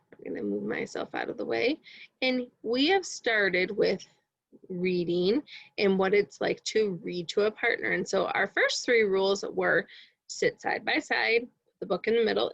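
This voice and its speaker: A woman's voice: medium pitch, gravelly, fairly bright tone, no room sound, muffled recording. A woman teacher giving a reading lesson to young children in an encouraging tone, often asking them questions.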